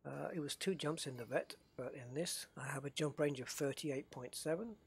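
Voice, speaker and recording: A man's voice: fairly high pitch, moderate pace, creaky, slightly rough. A middle-aged man from the northeast of England with an English accent, chatting casually and rambling as he streams a game from his desk at home. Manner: chatty, rambling, self-interrupting. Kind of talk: casual live-stream commentary.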